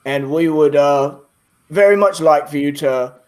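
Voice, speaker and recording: A man's voice: on the high side, a little slow, darkish tone. A man narrating as game master of a tabletop game, rambling with many fillers.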